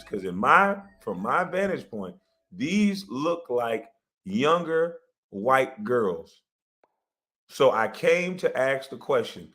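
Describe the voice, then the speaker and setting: A man's voice: medium pitch, sing-song, a little slow, a bit bright. A man hosting a livestream, defiantly defending himself and insisting he keeps his receipts, repeating points for emphasis. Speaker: livestream host. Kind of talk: heated livestream rant.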